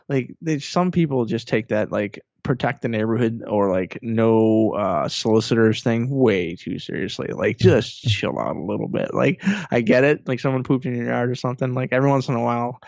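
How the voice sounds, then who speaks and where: A man's voice: medium pitch, brisk, vocal fry, hardly any pauses, a little mellow, no echo, highs cut off. A man co-hosting a podcast, chatting casually and telling rambling stories with lots of fillers. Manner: rambling, laid-back storytelling with many "like" fillers. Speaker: podcast co-host. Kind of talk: casual chat.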